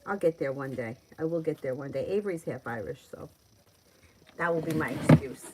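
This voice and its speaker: A woman's voice: sits low, fairly quick, background noise. A middle-aged woman with a New York accent, chatting through a live-stream tarot reading and laughing often as she reads out viewers' questions. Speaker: tarot reader.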